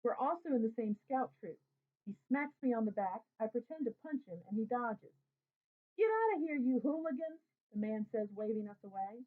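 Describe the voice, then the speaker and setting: Female narrator for a first-person story, lively young-boy telling, slightly high pitch, tinny narrow recording. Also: a little fast. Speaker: audiobook narrator. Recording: tinny phone-like audio.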